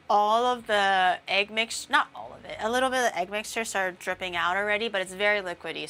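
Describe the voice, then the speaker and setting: Bright, chatty young woman streamer. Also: mid-range voice. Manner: chatty and rambling, with many fillers and playful tangents. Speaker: VTuber streamer. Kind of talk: casual livestream chat while baking.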